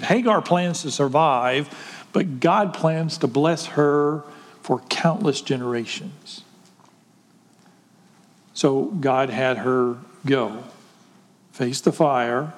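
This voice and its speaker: A man's voice: on the high side, big-room sound. A male pastor preaching a sermon, retelling a story conversationally and asking the congregation questions.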